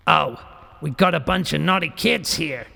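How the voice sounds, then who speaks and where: A man's voice: on the high side, normal speed, vocal fry, sharp tone, long reverb tail, voice pushed up, exaggerated voice. A man voicing a mocking demonic wooden doll with a brash Bronx accent, in a horror audiobook. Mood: taunting. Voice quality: brash, taunting.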